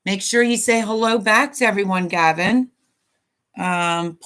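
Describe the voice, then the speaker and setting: A woman's voice: mid-range voice, steady tone, normal speed, a bit bright, clean tone. A woman in her fifties hosting a casual live stream, chatting in a rambling way and reading viewer comments aloud.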